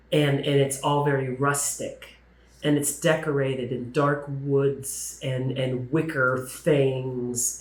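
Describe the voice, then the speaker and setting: A man's voice: mid-range voice, echoey room, rough recording. A man co-hosting a travel vlog, chatting eagerly about food and atmosphere, listing things as he goes. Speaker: co-host. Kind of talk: casual chat reviewing restaurants.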